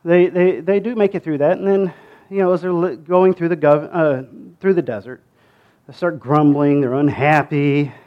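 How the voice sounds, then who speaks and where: A man's voice: on the high side, normal speed, dull audio. Chatty man retelling a Bible story. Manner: chatty, with many fillers and restarts; asides to the listener.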